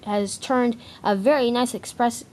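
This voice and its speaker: A woman's voice: on the high side, steady tone, unhurried, darkish tone, pitched above the performer's own voice, natural voice. A woman voicing a proud, sulky male express engine who complains about his jobs in a homemade train story. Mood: indignant. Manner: indignant, complaining.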